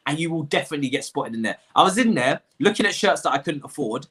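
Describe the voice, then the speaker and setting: A young man with a bright, forceful voice that sits a little high. He is animated and chatty, acts out bits of his stories and keeps breaking into laughter as he hosts the show. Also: fast. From London. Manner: animated storyteller, acts out quotes, laughs often. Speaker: host. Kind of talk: casual livestream chat.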